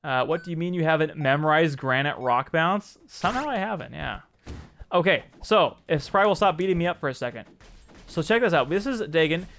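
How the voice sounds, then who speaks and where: A man's voice: fairly high pitch, lively intonation, fairly quick, a bit bright. A man hosting a casual live stream, demoing a game he works on, answering chat and often correcting himself mid-sentence. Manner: chatty, answers chat messages, frequent restarts and self-corrections.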